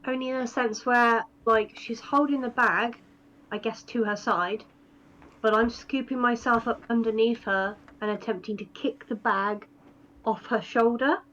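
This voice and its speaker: A woman's voice: a little high, steady tone, a little slow, a bit bright, muffled recording. A woman playing a tabletop game, rambling through her moves with fillers and giggles. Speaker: player. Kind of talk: casual tabletop play.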